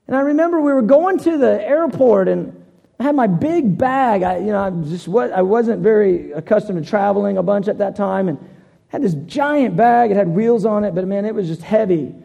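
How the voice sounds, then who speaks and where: A man's voice: high-pitched, moderate pace, gravelly, dark tone, in a large hall. A man preaching a sermon, telling a personal story in an earnest way, often repeating and restarting phrases.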